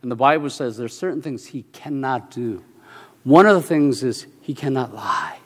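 A man preaching a sermon in an animated, storytelling way, repeating short phrases for emphasis and bursting into loud shouts. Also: mid-range voice, normal speed. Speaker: pastor. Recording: long hall reverb.

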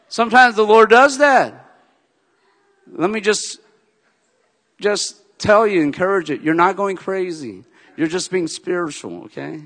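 A man preaching, telling a personal story in an animated way, swinging from shouts down to soft, quiet lines. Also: sits high, unhurried, long pauses, in a large hall. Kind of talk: sermon storytelling.

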